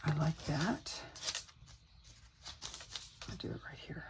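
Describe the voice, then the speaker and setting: A woman's voice: low-pitched, takes it slowly, noisy background. A woman chatting casually to viewers as she works on a craft project at home, talking to herself and sometimes dropping to a whisper. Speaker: crafting vlogger.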